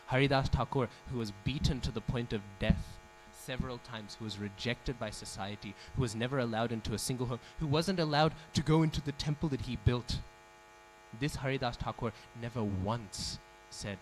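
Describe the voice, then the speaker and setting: A man's voice: medium pitch, moderate pace, slight background noise, rough recording. A man giving a devotional class in a temple, telling a story, acting out the quoted speech and asking the audience questions. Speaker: speaker giving a scripture class. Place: temple hall.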